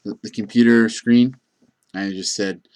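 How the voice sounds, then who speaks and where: A gas station clerk with a lowish, steady, slightly mellow voice speaks at a moderate pace. His casual storytelling rambles, full of fillers and starts over again and again.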